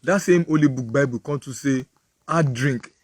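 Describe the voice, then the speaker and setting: A man's voice: mid-range voice, normal speed, slightly rough, no echo. A man with a Nigerian accent, a preacher giving a moral talk full of vivid, repetitive storytelling.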